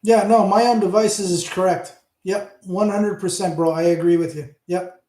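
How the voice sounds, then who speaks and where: A man in his fifties from Hamilton, Ontario, tipsy from drinking, rambles through a casual livestream chat, chatty and profane. His high, mellow voice holds fairly even intonation at a moderate pace, and the sound is reverberant.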